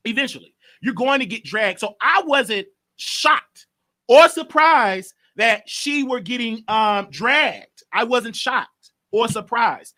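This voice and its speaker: Extremely high in pitch, bright and pushed, this man's voice carries lively intonation at a slow pace. He hosts a gossip show of his own, casually rambling and repeating himself as he reports overheard conversations to his audience.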